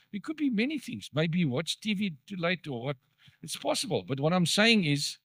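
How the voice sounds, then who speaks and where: A man's voice: fairly high pitch, fairly bright tone, dry recording. A man preaching a sermon in church, talking conversationally and asking the congregation questions. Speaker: pastor.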